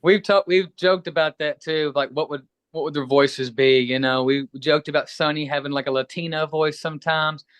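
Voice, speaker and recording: A man's voice: fairly high pitch, normal speed, hardly any pauses, clear, resonant tone, no room sound. A middle-aged man from Kentucky, a musician guest chatting casually and a bit rambling in an interview. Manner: relaxed, rambling, friendly.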